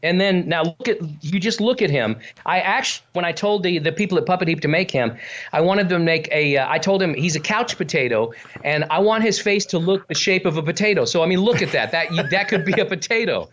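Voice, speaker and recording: A man's voice: on the high side, lively intonation, brisk, fairly bright tone, highs cut off. A middle-aged man speaking as a guest over a video call. He rambles casually with lots of restarts and drops into little character voices as he explains. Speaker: ventriloquist guest. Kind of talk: casual interview chat.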